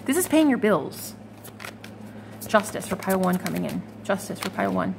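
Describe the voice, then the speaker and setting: A woman's voice: medium pitch, wildly swooping pitch, normal speed, gravelly, noisy background. A woman giving a casual, chatty tarot reading to her viewers, swearing freely and laughing now and then. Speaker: tarot reader.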